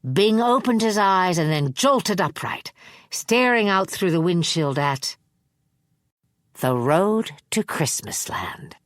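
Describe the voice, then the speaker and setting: Female audiobook narrator, deep register, measured delivery, dry close recording. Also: no echo. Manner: measured, even storytelling. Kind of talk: scripted narration.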